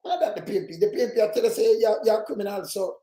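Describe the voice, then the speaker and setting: A man's voice: high-pitched, very fast, reverberant. Heated Jamaican man ranting in patois. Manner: loud, heated, mocking, often shouting. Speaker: political commentator. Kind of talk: ranting commentary over clips.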